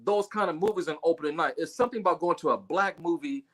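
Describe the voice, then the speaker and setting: A man with a fairly high voice talks fast as he tells a funny personal story on a laid-back livestream chat, jumping his voice around to act out the people he quotes. He's a guest storyteller on a video call microphone.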